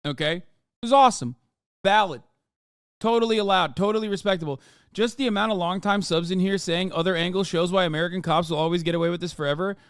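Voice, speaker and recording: High-voiced man ranting heatedly at chat. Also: fast talker, smooth, no echo, studio quality. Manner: talks straight to his chat. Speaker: livestream host. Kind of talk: reacting to video for live chat.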